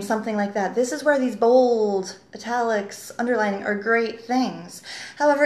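A woman editor talks through writing advice with earnest, teacherly emphasis. She leans on rhetorical questions and stresses her key points. Her voice sits at a middling pitch and rings a little in an echoey room. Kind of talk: talking-head writing tip video.

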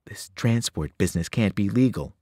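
A man voicing a sharp, practical teenage girl who speaks in a clipped, hushed way. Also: on the low side, animated, normal speed, dry recording, studio quality. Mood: dry.

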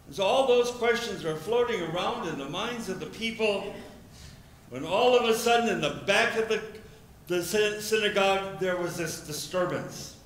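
A man preaching a sermon as pastor, telling the story with lively questions in the voices of the crowd. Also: sits high, normal speed, a little hiss or hum. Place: church sanctuary. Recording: echoey church room.

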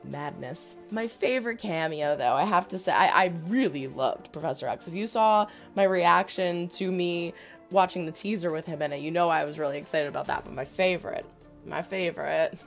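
A woman with a New Jersey accent hosting a casual unboxing and review video, chatting in a gushing, excited way with quick asides. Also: on the low side, vocal fry, faint music behind. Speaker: reaction video host.

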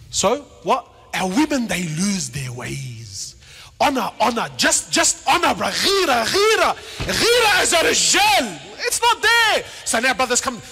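A man preaches with fervour in a very high, bright, forceful voice, jumping from shouted appeals to quiet asides and acting out the people in his stories. His lecture rings through a large hall with a long echo. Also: sing-song, measured pace. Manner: swings between shouted appeals and low asides; acts out dialogue in storytelling. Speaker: Islamic preacher. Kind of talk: passionate religious lecture. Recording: reverberant hall.

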